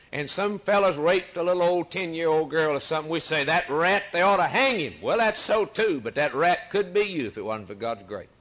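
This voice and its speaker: A man preaching a sermon, possibly, swinging from loud rising cries down to hushed, quiet asides. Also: on the high side, poor audio.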